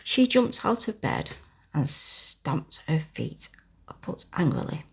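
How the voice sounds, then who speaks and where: A woman reading a classic children's book aloud in a slow, soft whispered role-play. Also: deep voice, wildly swooping pitch, vocal fry, slightly rough. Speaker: ASMR storyteller.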